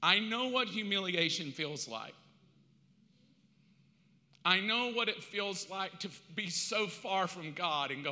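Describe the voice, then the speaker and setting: An older male pastor preaching in an animated, confessional way, his voice sitting high and sounding very bright. The sermon rings through an echoey church hall with a long tail of reverb. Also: slow, pauses often.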